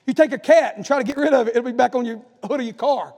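A pastor preaching, his voice sitting very high for a man. He swells from quiet, slow phrases up to loud shouting. The sound rings with a long hall echo. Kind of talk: sermon.

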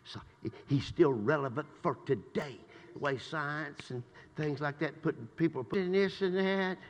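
An older man preaching a sermon in a church. He swings between shouted praise and low, conversational asides. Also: normal speed, muffled recording. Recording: long reverb in a church hall.

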